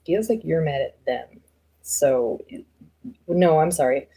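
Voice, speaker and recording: A woman's voice: deep voice, animated, slow, warm tone, slightly rough. A woman doing a casual live tarot reading, chatting loosely to viewers with lots of fillers and easy laughs. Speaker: tarot reader.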